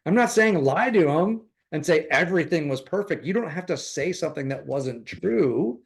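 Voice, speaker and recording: A man's voice: on the high side, normal speed, creaky. A man teaching a class on recruiting real estate agents, talking casually and acting out little conversations as he goes. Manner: animated, acts out dialogue with changing voices. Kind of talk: casual coaching talk.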